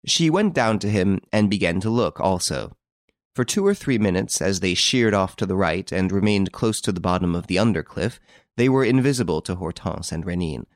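Lively low-voiced male audiobook narrator. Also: moderate pace, no room sound, studio quality. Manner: expressive, lively storytelling.

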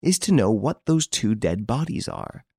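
A man reading aloud and voicing an anxious, impulsive young woman who talks in an excitable, insistent way. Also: rumbling low, normal speed, breathy edge, no echo, clean studio sound, heavily acted.

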